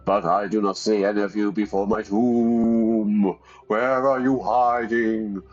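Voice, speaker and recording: A man's voice: fairly low pitch, steady tone, slow, dull audio. A man voicing the ghost of a stern noble male ancestor, speaking solemnly and demanding obedience from his descendants.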